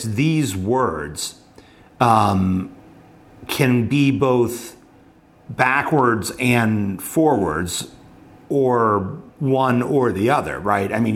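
A man with a mid-range voice leads a Bible study, explaining scripture thoughtfully but haltingly, with many pauses and fillers.

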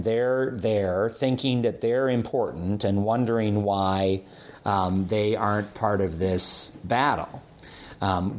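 Man, Bible class teacher, fairly low voice, measured explanatory lecture, classroom.

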